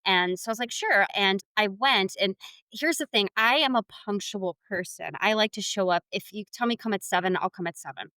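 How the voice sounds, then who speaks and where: A woman co-hosting a podcast, telling stories in a casual, animated way and laughing often. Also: medium pitch, brisk, dry recording. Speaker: podcast co-host. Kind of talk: casual chat.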